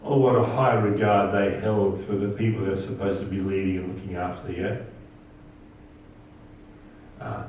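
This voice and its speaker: Animated preacher in an echoey church. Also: male voice, moderate pace, long pauses, a little hiss or hum. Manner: animated preaching, rising pitch on quoted lines. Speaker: pastor. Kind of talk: sermon. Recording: echoey church hall, distant mic, dull sound.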